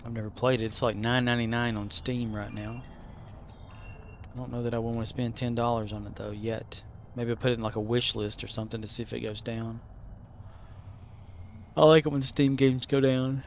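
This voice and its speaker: A man streaming a game, rambling to himself and now and then yelling at his squadmates. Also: mid-range voice, little pitch movement, fairly quick, a little hiss or hum. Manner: rambling, talks to himself, shouts at teammates. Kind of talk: casual gameplay commentary.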